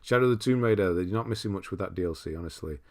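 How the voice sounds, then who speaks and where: A man with a deep, low voice hosts a casual live stream. He rambles easily, reads out viewers' messages and breaks into laughter often. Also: very fast. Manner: relaxed, rambling, reads chat aloud with frequent laughs. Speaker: streamer host.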